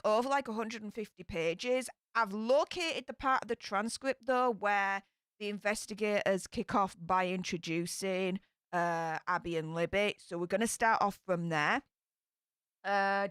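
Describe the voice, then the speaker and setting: A woman's voice: fairly high pitch, a bit bright, smooth, no echo, studio quality. Chatty Yorkshire woman live-streaming. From England. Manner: chatty, greets viewers by name. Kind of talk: casual live-stream chat.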